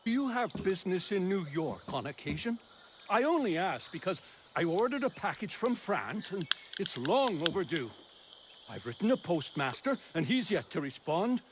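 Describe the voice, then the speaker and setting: A man's voice: high voice, big pitch swings, normal speed, slight background noise. An actor playing a fussy male settler in a video game, polite and chatty.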